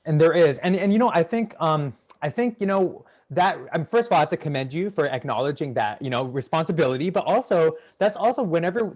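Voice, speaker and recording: A man's voice: a little high, a little mellow. A man hosting a casual interview, asking long, rambling questions in an earnest, enthusiastic way. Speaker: podcast host.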